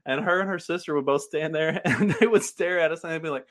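A man's voice: on the high side, fast. A man with a Southern American accent, telling a casual story in a rambling way and chuckling along.

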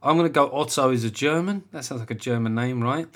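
A middle-aged English comedian talks straight into the mic, rambling and sardonic, with swearing dropped in casually. His voice sits at an ordinary male pitch, with restarts and asides throughout. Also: fast, a bit bright. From England. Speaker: comedian podcast host. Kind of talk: casual monologue.

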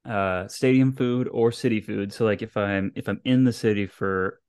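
Brief: male podcast co-host, lowish voice, easygoing and hesitant, dry close sound. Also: steady tone, moderate pace, darkish tone, clean tone, no room sound. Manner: easygoing, hesitant, full of fillers and restarts. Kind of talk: casual podcast chat.

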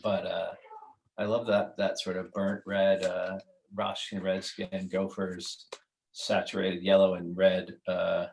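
A man's voice: deep voice, monotone, unhurried, a little hiss or hum, low-quality recording. A man who is a writer and creator, talking as a podcast guest in a casual, rambling way with many restarts. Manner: rambling, restarts, laughs at his own jokes.

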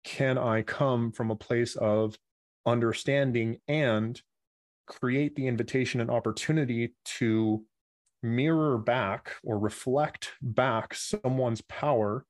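A man's voice: medium pitch, fairly even intonation, slow, no echo. Reflective man, dry close sound. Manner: reflective, spiritual, swears casually. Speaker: podcast guest, reverend. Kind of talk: casual conversational podcast.

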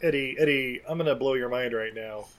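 A man's voice: mid-range voice, brisk. A man recapping a movie in casual chat. He rambles, swears freely and laughs often as he talks.

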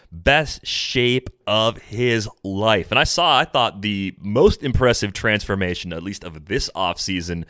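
This is a man hosting a podcast in casual chat. His voice sits low, and the sound is close and dry. He keeps things upbeat and moves the talk along. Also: pushed and bright, no echo. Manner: upbeat, conversational, steers the talk. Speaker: podcast host.

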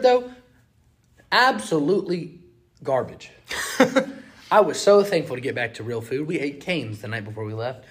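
A man's voice: mid-range voice, animated, unhurried, long pauses, a bit bright. A young man with a Southern US accent, telling travel stories on a casual podcast, acting out quotes and sound effects. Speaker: podcast co-host. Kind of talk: casual storytelling chat.

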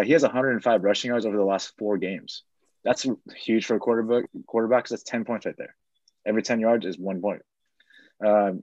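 A man's voice: fairly low pitch, a little mellow, dry recording, muffled recording. Man rattling off fantasy football stats. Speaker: fantasy football segment host. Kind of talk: casual sports podcast chat.

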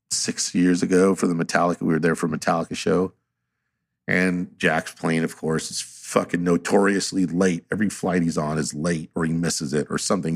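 Profane, animated man telling stories. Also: deep voice. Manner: profane, animated storyteller acting out quotes. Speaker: tattoo artist telling stories on a podcast. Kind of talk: casual podcast storytelling.

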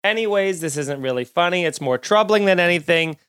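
A man hosting a comedy podcast, ranting in an animated, profane, mock-outraged way. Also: high voice, a little fast, clear, resonant tone. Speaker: podcast host.

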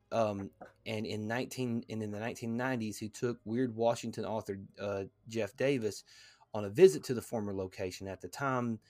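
A man hosting a podcast, reading a text aloud in a halting way, with fillers and stumbles. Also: fairly low pitch, darkish tone, no echo. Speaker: podcast host.

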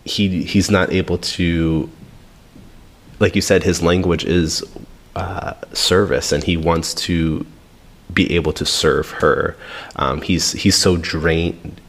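A man's voice: low-pitched, steady tone, takes it slowly. A man co-hosting a casual book discussion, talking in a thoughtful way and searching for his words as he goes. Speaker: podcast co-host.

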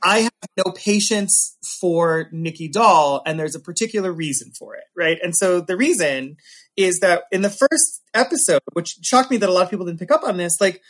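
A man hosting a casual chat, animated and sarcastic, with quick asides. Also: high-pitched. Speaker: podcast host.

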